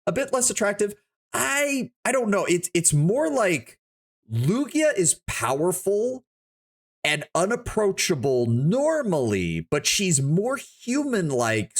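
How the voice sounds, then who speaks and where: Talking without a script, a man streaming live chats loosely in a fairly high voice that runs a little slow and swoops up and down as he rambles. He curses freely, stays animated, and keeps restarting sentences as he thinks aloud and stumbles over himself.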